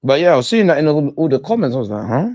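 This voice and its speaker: A man hosting a live football watch-along, chatting in excitable, slangy banter with his viewers. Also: fairly high pitch, rapid-fire, no echo. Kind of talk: live fan commentary and chat.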